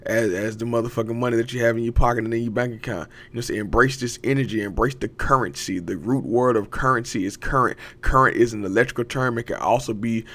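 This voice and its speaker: A young man talks straight into the mic on his own podcast. His voice sits at a middle pitch. He rambles and swears, gets hyped and breaks into laughter. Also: fast talker, hardly any pauses, a bit bright. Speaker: podcast host. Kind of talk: casual motivational monologue.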